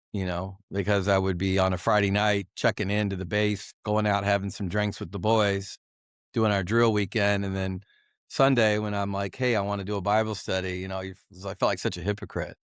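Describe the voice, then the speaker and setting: A middle-aged man speaks in a lowish, dry voice, telling his story as a podcast guest. He is earnest and confessional, stopping and restarting often and leaning on filler words. Close and dry, with no room sound. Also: no room sound. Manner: halting, full of "you know" fillers and restarts. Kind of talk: candid personal testimony.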